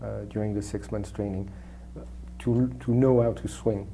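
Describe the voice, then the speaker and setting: A man with a French accent answering interview questions in a halting way, repeating words and filling pauses with "uh". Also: lowish voice, fairly even intonation, creaky, dark tone, a little hiss or hum. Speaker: film actor being interviewed.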